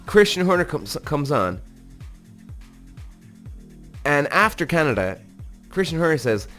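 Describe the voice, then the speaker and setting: A man hosting a podcast, reacting to a motorsport documentary in a casual, animated way, swearing freely and speaking straight to his listeners. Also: on the high side, a little slow, long pauses, faint music behind. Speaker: podcast host, former racing driver.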